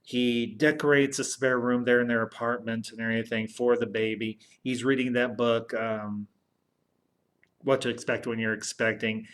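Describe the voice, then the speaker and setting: A man's voice: mid-range voice, a bit bright. A man casually retelling a film's plot as a podcast host, rambling and often adding "and everything". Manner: rambling, repeats "and everything", restarts. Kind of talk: casual movie recap.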